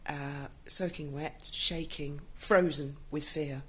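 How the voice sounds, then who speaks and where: A woman tells a personal story in a casual, unscripted way. Her voice sits low, and her delivery is blunt and emotional, with free swearing. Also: fairly even intonation, slow pace, fairly bright tone. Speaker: vlogger telling a personal story.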